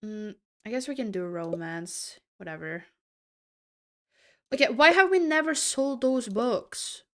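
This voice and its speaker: A woman's voice: on the high side, expressive, measured pace, a bit bright. A woman streamer chatting casually with her viewers while playing a game, rambling and giggling through asides. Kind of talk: casual live-stream gameplay chat.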